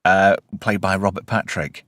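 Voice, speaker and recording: A man hosting a casual podcast chat, animated and swearing freely as he recaps episodes. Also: sits low, normal speed, no room sound. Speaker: podcast host.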